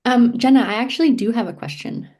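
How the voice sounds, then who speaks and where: A woman's voice: a little high, fast talker, mellow. A woman taking part in a virtual gathering, asking a question hesitantly and with many fillers on a video call. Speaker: participant.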